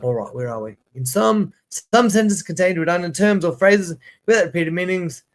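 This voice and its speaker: A man's voice: sits high, lively intonation. A man teaching English on a casual livestream, chatty and rambling, often restarting and repeating words. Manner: drawn-out word drills. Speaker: ESL teacher.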